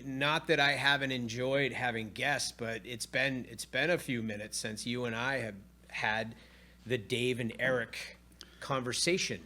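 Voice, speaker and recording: This New man co-hosts a casual studio podcast with a friend. His voice is bright and forward, and he talks in an upbeat way, often restarting and repeating his phrases. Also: mid-range voice, steady tone, measured pace. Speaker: podcast co-host. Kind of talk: casual chat. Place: recording studio.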